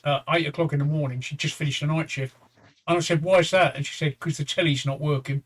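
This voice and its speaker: A man in his fifties or sixties chats on a livestream in a tired, rambling way. He stops and restarts often and lets the odd swear word slip, and his voice sits a little high for a man. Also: steady tone, fast. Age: 50s-60s. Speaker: livestream co-host. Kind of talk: casual chat.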